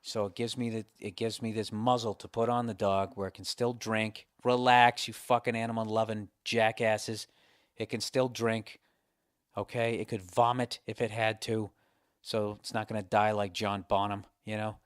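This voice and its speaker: A man hosting a podcast and telling a comedic story in a profane, exasperated, animated way. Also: fairly low pitch, normal speed, no echo, clean studio sound. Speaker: podcast host.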